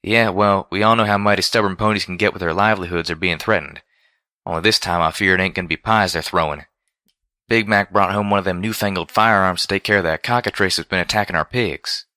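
A man's voice: low voice, quick pace, bright, forceful tone, no room sound, clean studio sound. A man voicing a plainspoken country female farm pony with a folksy rural drawl.

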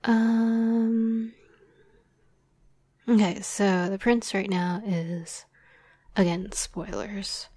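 A young woman talks about writing audio drama scripts in a soft, rambling whisper full of fillers and small laughs, as whispered role-play talk. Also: medium pitch, fairly even intonation, extremely slow, long pauses, dry recording.

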